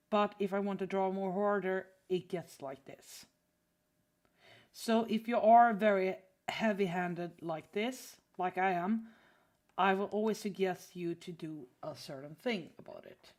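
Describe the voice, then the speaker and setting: A woman's voice: mid-range voice, measured pace, darkish tone. A woman teaching drawing on a casual livestream, chatty and full of fillers, often apologizing while she reads chat. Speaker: art streamer teaching drawing.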